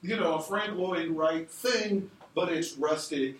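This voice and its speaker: A man's voice: on the high side, takes it slowly. A middle-aged man lectures a class in a casual, rambling way, with lots of ums and restarted phrases. He is picked up from across the room, so his voice sounds distant and reverberant, with a faint hum of room noise under it. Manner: casual, digressive, many fillers and restarts. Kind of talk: university lecture. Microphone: recorded from a distance in the room. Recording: roomy echo from a distant mic.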